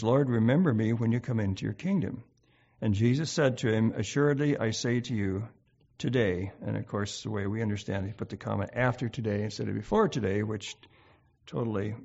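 A man's voice: fairly low pitch, a little mellow, dull audio. A man hosting an informal Bible study, thinking aloud with many fillers as he reads and explains scripture.

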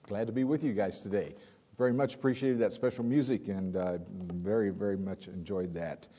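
A man in his sixties, a visiting preacher with a weak voice, giving a folksy sermon with many filler pauses. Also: on the low side, steady tone, dark tone. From California. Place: church hall. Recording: long hall reverb.

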